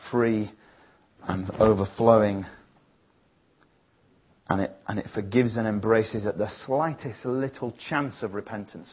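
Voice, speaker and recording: A man's voice: lowish voice, husky, lo-fi sound. A man preaching a sermon, telling a family story in an earnest, reflective way before leading a prayer.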